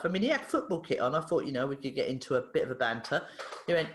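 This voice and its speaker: Lively woman telling stories. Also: fairly low pitch, fast, echoey room. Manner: animated, acts out voices in her anecdotes. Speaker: therapist and author, guest. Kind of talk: casual storytelling interview.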